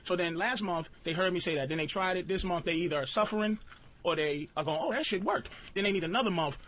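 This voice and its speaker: A man's voice: high-pitched, fast. A man hosting his own show, ranting crudely and laughing as he talks. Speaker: show host. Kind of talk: profane comedic rant. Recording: lo-fi played clip, loud background noise.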